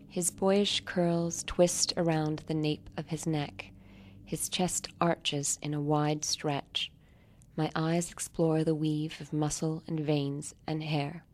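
Woman author, low voice, measured literary reading with soft hushed moments. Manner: measured, softly dropping to near-whispers. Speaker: author reading her own story.

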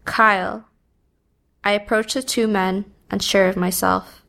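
A woman reading a first-person story aloud in a subdued, even manner. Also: medium pitch, vocal fry. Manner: slow, even, subdued delivery. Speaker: narrator.

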